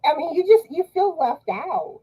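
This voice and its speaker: A woman's voice: high voice, big pitch swings, moderate pace, mellow, rough recording. A woman guest on a live chat, speaking hesitantly with many fillers and restarts. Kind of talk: casual chat on a live stream.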